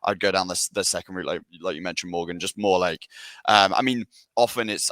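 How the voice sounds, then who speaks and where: Upbeat man, low bright voice. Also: brisk, no echo. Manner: enthusiastic, filler-heavy, many restarts. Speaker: sales director co-hosting a Q&A. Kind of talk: casual webinar chat.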